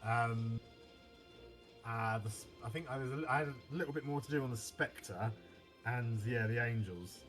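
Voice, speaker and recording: A man's voice: medium pitch, normal speed, fairly bright tone, soft background music. A man co-hosting a casual painting livestream, making dry, wry asides. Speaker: co-host. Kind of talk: casual chat while painting miniatures on a livestream.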